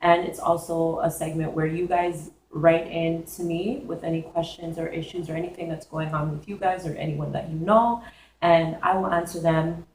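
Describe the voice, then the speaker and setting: A hoarse young woman chatting casually to camera, hosting her own advice segment with a chatty, giggly manner. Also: sits low, darkish tone, roomy sound, a little hiss or hum, low-quality recording. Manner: chatty, giggly, talks straight to viewers.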